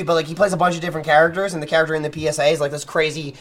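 Male podcast co-host, fairly high voice, animated storyteller who acts out quotes. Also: very fast, hardly any pauses. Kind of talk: casual chat, storytelling.

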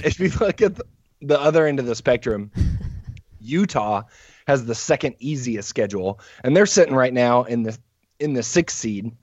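A man co-hosting a podcast with the hiccups, talking casually in a measured, analytical way. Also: mid-range voice, darkish tone, no room sound. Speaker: podcast co-host. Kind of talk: casual sports chat. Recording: dull lo-fi audio.

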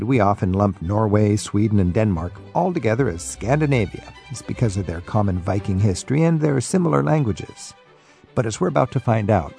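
A man hosting a panel discussion with a gravelly, dark voice. He asks questions in an easy, lightly teasing way. Faint music sits under his voice. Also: on the low side. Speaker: radio talk show host.

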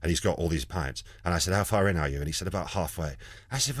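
Super deep guy rattling off funny stories fast, dry close sound, does little voices for the quotes. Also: lively intonation, husky, no echo. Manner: rambling storyteller, acts out quoted lines. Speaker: comedian guest. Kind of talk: anecdotal interview chat.

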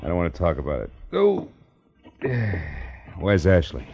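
An actor playing a dry, wisecracking hard-boiled private detective in a 1950s radio drama. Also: male voice, deep voice, huge pitch swings, moderate pace, creaky, a little mellow, full character voice. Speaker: narrator and lead detective. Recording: dull lo-fi 1950s radio broadcast.

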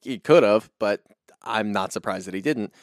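Low-voiced blunt podcast co-host, a man. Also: normal speed, no room sound, clean studio sound. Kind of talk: casual reality-TV recap chat.

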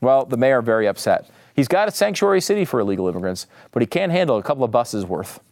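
Animated sarcastic male political talk host. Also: mid-range voice, fast. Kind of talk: opinionated political commentary.

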